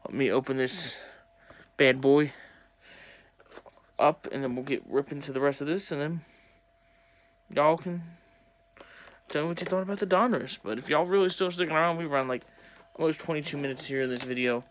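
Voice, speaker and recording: Young man, casual card-opening vlog, chatty, excitable, talks to his viewers. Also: on the high side, normal speed, slight background noise. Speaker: sports card collector opening packs.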